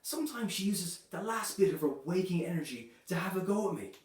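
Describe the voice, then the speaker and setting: A man performing a stand-up comedy set, delivering dark jokes in a loose, chatty way, filling his lines with "you know" and "right". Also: high-pitched, expressive, fast talker. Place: comedy club stage. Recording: echoey room, voice from a distance.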